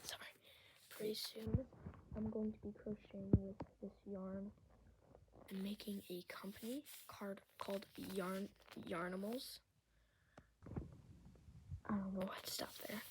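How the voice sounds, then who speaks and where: A woman whispering softly as she makes relaxing ASMR sounds, rambling and a little self-conscious. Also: mid-range voice, fairly even intonation, measured pace, long pauses, background noise. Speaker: video creator.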